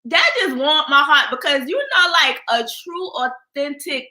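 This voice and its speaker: A woman in casual chat among friends, excitable, laughing often and chiming in. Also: sits high, normal speed.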